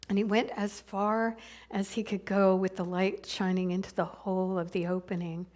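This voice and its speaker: A woman minister telling a story in a sermon, in a halting, conversational way with many restarts. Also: medium pitch, flat delivery, a little mellow.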